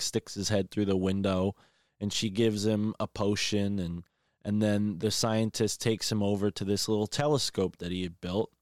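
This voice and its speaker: A man's voice: lowish voice, darkish tone, no room sound, studio quality. A man casually retelling a film's plot, rambling, with many fillers and restarts. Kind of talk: casual film recap chat.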